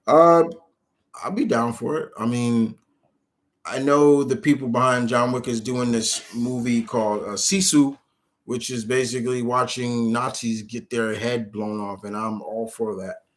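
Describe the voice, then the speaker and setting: A man's voice: medium pitch, steady tone, unhurried. A man streaming live, answering viewers' questions in a rambling, casual way with many restarts.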